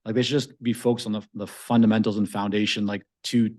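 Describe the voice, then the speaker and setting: A man's voice: lowish voice, little pitch movement, quick pace, darkish tone. A man hosting a podcast, asking long, meandering questions with fillers. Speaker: podcast host. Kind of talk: interview questions.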